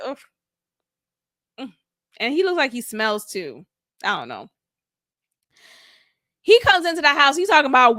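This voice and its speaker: A woman's voice: a little high, pushed and bright, no room sound, studio quality. A woman hosting a casual reality show recap, candid, opinionated and chatty. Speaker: show review host.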